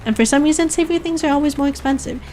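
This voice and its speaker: Female streamer from Canada, high-ish voice, giggly casual chat, faint music behind. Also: racing, a little mellow. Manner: giggly, laughs often, restarts mid-sentence.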